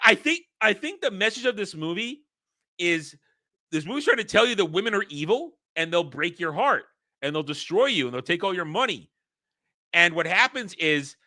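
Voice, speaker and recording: A man hosting a casual vlog, ranting about a movie in an animated, exasperated way. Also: high voice. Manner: animated, exasperated, acts out scenes. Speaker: host.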